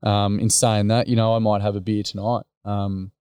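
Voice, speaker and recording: A middle-aged Australian man talks casually as an interview guest, full of slang and easygoing storytelling. His voice sits low and mellow with a smooth, resonant tone. The recording is close and dry. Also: level tone, normal speed, no echo. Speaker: guest, workshop facilitator.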